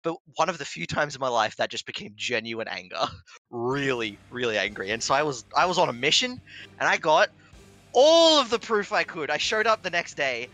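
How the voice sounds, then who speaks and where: A man telling a long personal story in casual chat, animated, swearing and laughing as he goes. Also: a little high, fairly quick, no echo, soft background music. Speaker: stream commentator.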